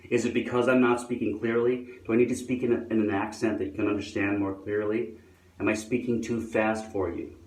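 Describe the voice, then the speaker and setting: In a casual how-to video, a man shows viewers how he applies a hairpiece, grumbling sardonically and swearing often. His voice is lowish with fairly even intonation and a brisk pace, picked up far from the mic in an echoey room.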